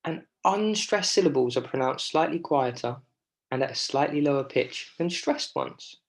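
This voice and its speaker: A male primary school teacher giving a recorded spelling lesson, patient and encouraging, stretching out syllables and checking in with the children. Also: fairly high pitch. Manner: slow, patient, stretching out syllables to demonstrate stress.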